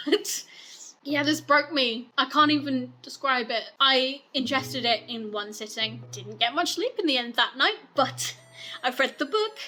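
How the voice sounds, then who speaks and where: Bright-voiced chatty woman book vlogger. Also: high voice, lively intonation, unhurried. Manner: gushing, chatty, rambling with frequent laughs. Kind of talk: casual book recommendation vlog.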